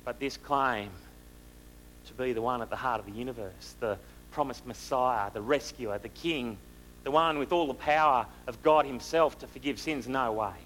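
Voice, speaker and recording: A man preaching a sermon, asking the listeners rhetorical questions and moving between loud and hushed delivery. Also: mid-range voice, moderate pace, a little hiss or hum, poor audio.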